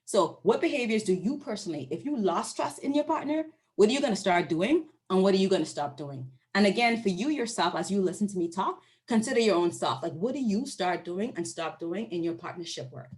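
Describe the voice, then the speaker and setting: A woman's voice: medium pitch, expressive, brisk, hardly any pauses, darkish tone. A woman researcher gives an academic presentation to an online audience. She speaks conversationally, poses questions to her listeners and often checks in with them. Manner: acts out her interviewees' voices when quoting them. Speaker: university researcher presenting findings.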